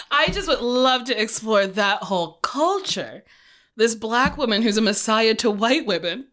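Jersey lady guesting on a podcast, bright voice, bouncy and jokey, goes way up and down. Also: a little high, unhurried. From New Jersey. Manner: animated, joking, bursts into laughs and put-on voices. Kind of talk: casual comedic chat.

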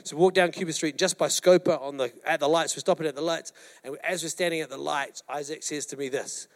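Animated male pastor telling a story. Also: on the high side, fast. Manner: animated storyteller, acts out quotes, addresses congregation. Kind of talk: sermon with storytelling. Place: church hall.

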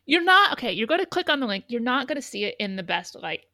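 A woman's voice: on the high side, big pitch swings, fast, bright, forceful tone, dry recording, studio quality. A woman co-hosting a podcast in casual chat, rambling and swearing freely, with frequent restarts. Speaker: podcast co-host.

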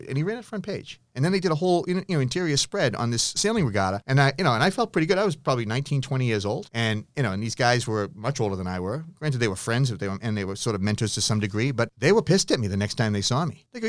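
A middle-aged man, a photographer and teacher, answering interview questions with animated anecdotes, acting out voices and restarting often. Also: mid-range voice, fast talker, dry recording, clean studio sound. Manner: many restarts and fillers.

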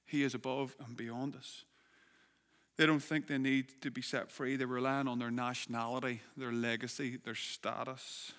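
A man's voice: mid-range voice, little pitch movement, moderate pace, fairly bright tone. A man preaching a sermon as a pastor, earnest, building emphasis and asking rhetorical questions. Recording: long reverb of a hall.

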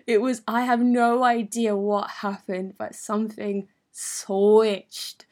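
A young woman from London with a London accent, telling a personal story in a candid, animated, sweary way full of slang. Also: mid-range voice, takes it slowly. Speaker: vlogger. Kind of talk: storytime monologue.

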